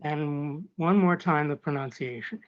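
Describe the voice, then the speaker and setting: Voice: medium pitch, unhurried. A contestant at an online spelling bee who hesitates and asks for words and definitions again. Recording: dull lo-fi online audio.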